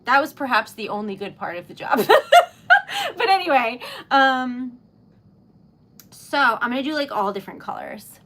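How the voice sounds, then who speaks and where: A young woman hosting a relaxed livestream, chatting casually with viewers as she crafts, rambling and giggling often. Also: on the high side, normal speed, long pauses. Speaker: livestream host. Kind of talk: casual chat while crafting.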